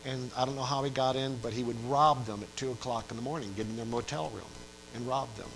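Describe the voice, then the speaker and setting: Older pastor guy from western new york preaching, earnest stories, hammers words over and over, medium-pitched voice, faint hum behind. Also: fairly even intonation, fast talker, a bit bright, poor audio. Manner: earnest storytelling with emphatic repetition. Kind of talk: sermon.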